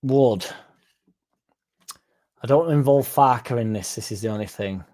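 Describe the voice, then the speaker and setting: Mellow-voiced man chatting casually. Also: mid-range voice, measured pace. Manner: rambling, swears casually, reads viewer comments aloud. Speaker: fan channel host reading chat. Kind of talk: casual live-stream chat.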